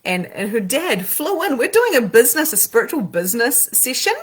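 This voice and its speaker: A woman, a spiritual coach and medium, talking casually and animatedly with slang, her voice swinging between loud and soft. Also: on the high side, big pitch swings, fairly quick, slightly rough. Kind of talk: casual motivational talk.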